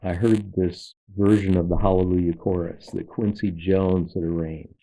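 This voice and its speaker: Deep-voiced pastor telling a story. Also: male voice, steady tone, mellow, poor audio. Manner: measured, explains as he goes. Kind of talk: casual storytelling.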